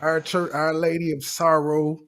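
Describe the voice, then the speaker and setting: High-voiced joking commentary host man. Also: flat delivery, unhurried, a bit bright, rough recording. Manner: profane, joking, mocking. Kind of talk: casual reaction commentary.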